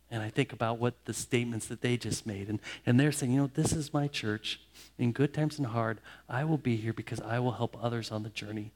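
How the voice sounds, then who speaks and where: A man in his fifties, a pastor, preaching a sermon in a personal, heartfelt way, telling family stories with pauses and restarts. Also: medium pitch, darkish tone.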